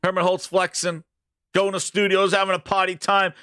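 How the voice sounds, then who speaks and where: A man's voice: high-pitched, little pitch movement, moderate pace, noisy background. A man streaming a profane, mocking rant about video games, mimicking the people he makes fun of. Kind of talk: ranting game commentary.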